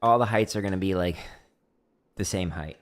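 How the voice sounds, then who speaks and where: A man's voice: low voice, normal speed, slight background noise. A man hosting a drumming livestream, chatting casually and explaining practice step by step with self-deprecating humor.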